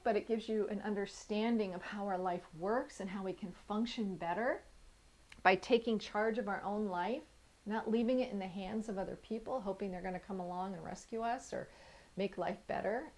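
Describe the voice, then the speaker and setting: A woman's voice: mid-range voice, darkish tone. A woman coaching the viewer in an earnest, encouraging talk. She speaks directly to whoever is watching and stops now and then to correct herself as she writes her points down. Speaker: inner life coach. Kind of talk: motivational video talk.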